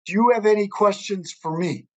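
A man's voice: high-pitched, normal speed, darkish tone. A male podcast host talks earnestly in a conversational interview. He leans into storytelling and repeats phrases as he works through a point.

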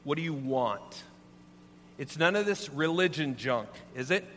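A man's voice: fairly high pitch, lively intonation, measured pace, a bit bright. A man voicing an angry young male prisoner who speaks in curt, guarded replies. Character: angry young male death-row inmate. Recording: long hall reverb, faint hum.

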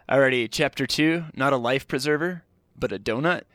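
A man's voice: medium pitch, brisk, fairly bright tone, dry recording, clean studio sound. Self-mocking middle-aged man telling stories. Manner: rambling and self-deprecating, heavy use of "like". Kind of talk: comedic personal storytelling.

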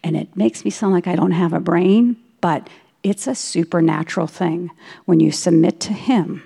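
A woman's voice: on the low side, moderate pace, creaky, warm tone, slightly rough. A middle-aged woman giving an earnest personal testimony in a devotional talk, telling stories and quoting herself and others. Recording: long reverb in a hall.

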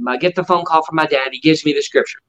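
A man's voice: fairly high pitch, fast talker, fairly bright tone, poor audio. A middle-aged man and ventriloquist guest, telling stories in a casual interview and acting out other people's lines with animation.

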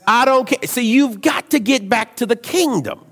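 A man preaching a sermon, telling stories in an animated way, dropping to low asides and rising to shouts. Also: moderate pace, in a large hall.

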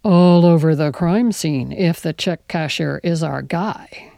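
A woman doing a wry, gravelly cop. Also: low-pitched, slow pace, warm tone, no echo, studio quality, heavily acted. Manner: wry, teasing. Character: tall joking male police detective.

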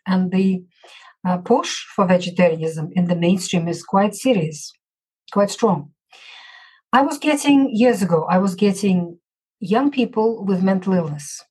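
A woman's voice: mid-range voice, darkish tone, slightly rough, low-quality recording. A woman from Russia with a Russian accent, a physician answering interview questions in an emphatic, assertive way. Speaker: guest physician.

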